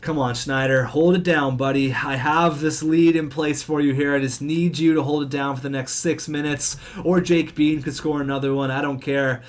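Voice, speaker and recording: A young man giving excitable play-by-play commentary on his own video game hockey season, fast-talking and swinging between cheering and groaning. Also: on the high side. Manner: talks fast. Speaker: gaming commentator.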